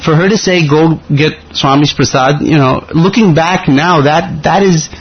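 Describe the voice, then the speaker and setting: A man's voice: on the high side, unhurried, husky. A man in his thirties giving an earnest personal testimony, telling a story and acting out the dialogue. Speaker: devotee sharing a personal story. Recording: slightly muffled audio with faint hiss.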